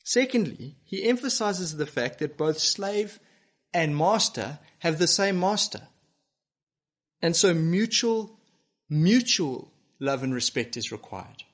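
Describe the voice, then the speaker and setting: A man's voice: fairly high pitch, very animated, slow. Earnest male preacher. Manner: earnest, emphatic preaching with rhetorical questions. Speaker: pastor. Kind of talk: sermon. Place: church broadcast to home viewers.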